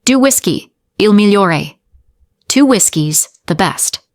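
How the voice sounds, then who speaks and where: A woman's voice: on the low side, moderate pace, no echo, studio quality, lightly acted. A woman voicing a dangerous, possessive middle-aged male crime boss in an audio story, speaking in short, commanding lines. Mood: quiet, possessive.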